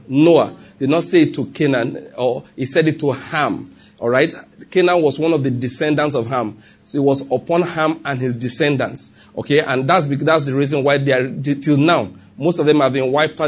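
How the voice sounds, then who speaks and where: A man's voice: medium pitch, slightly rough. A man preaching a sermon as pastor, repeating his points and checking in with the congregation.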